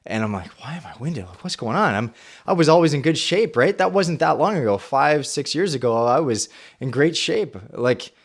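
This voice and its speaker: Man telling his story with lively ups and downs. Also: on the high side, moderate pace. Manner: animated storytelling, acts out his own past thoughts. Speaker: podcast host. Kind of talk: personal testimony and Bible talk.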